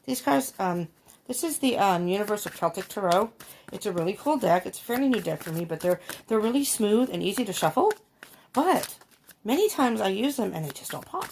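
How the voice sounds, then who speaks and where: A woman's voice: medium pitch, sing-song, brisk, creaky, darkish tone, a little hiss or hum. A woman giving a casual tarot reading to her viewers, thinking aloud with many ums and laughing often. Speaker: tarot reader.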